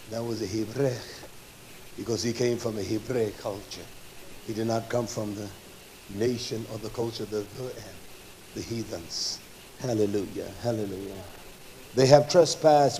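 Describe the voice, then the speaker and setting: A man preaching a fervent sermon, swinging from loud, forceful passages to low, quiet stretches, with many filler sounds between phrases. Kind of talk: fiery sermon.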